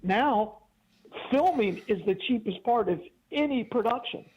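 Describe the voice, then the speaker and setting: A man's voice: very high voice, expressive, measured pace, slightly rough, lo-fi sound. A man in his fifties, a regular guest on a radio show, chatting in an agreeable way and laughing easily. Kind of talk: casual radio chat.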